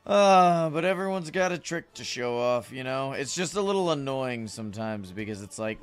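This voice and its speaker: A man's voice: medium pitch, expressive, normal speed, hardly any pauses, smooth, faint music behind. A man chatting casually with viewers while livestreaming a game, rambling and greeting chat. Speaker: streamer.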